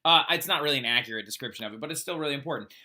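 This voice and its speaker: A man's voice: medium pitch, very fast, sharp tone. A man teaching a history lesson in a casual, chatty way, often asking "right?" and filling with "like". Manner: chatty, frequent "like" and "right?" tag questions. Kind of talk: casual recorded classroom lecture.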